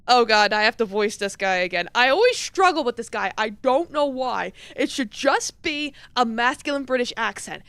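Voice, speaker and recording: Chatty woman streamer, bright and smooth. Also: a little high, lively intonation, moderate pace, hardly any pauses, no room sound. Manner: chatty, playful. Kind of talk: game let's play with voiced reading.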